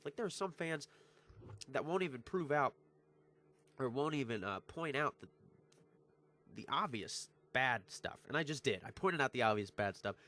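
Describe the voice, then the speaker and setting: A man's voice: mid-range voice, pushed and bright. Teen male vlogger, heated fan rant, emphatic and repetitive, mid-range voice. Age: teens. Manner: emphatic, frustrated, repetitive, swears freely. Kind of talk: heated sports recap rant.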